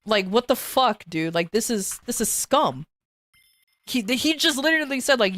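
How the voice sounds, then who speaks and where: A woman's voice: on the high side, big pitch swings, normal speed, a bit bright, no room sound. A woman telling a story on a casual livestream, rambling and swearing, with many restarts and fillers. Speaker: streamer.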